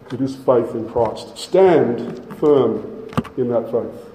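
A middle-aged man preaching a sermon, emphatic, slowing down and repeating his key phrases. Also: medium pitch, mellow, slight background noise. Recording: echoey hall from a distance.

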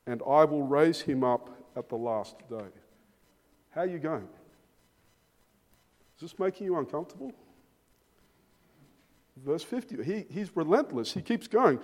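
A man's voice: a little high, expressive, slow pace, pauses often, darkish tone. A man preaching an expository sermon, emphatic and given to repeating words as he starts phrases. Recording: long reverb of a large hall.

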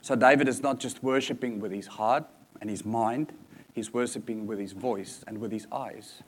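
A man's voice: on the low side, fairly even intonation, moderate pace, slightly rough. A man preaching a sermon in an earnest manner, repeating key points for emphasis.

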